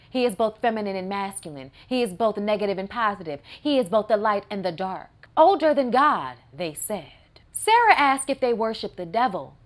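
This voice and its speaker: Sassy, animated woman recapping a movie. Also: on the high side. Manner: sassy, wry, animated asides. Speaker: movie reviewer. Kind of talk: casual recap and commentary.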